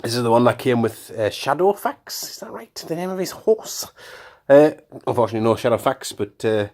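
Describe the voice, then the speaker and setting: A man's voice: medium pitch, sing-song, brisk, darkish tone. A man talking casually about his toy collection, rambling and correcting himself with jokey asides. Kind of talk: casual show-and-tell of collectibles.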